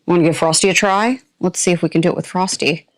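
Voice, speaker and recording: A woman's voice: lowish voice, steady tone, fast talker, noisy background. A woman reviewing products on her channel, chatting to viewers in a playful, put-on rural drawl as she unboxes. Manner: talks to viewers while opening items.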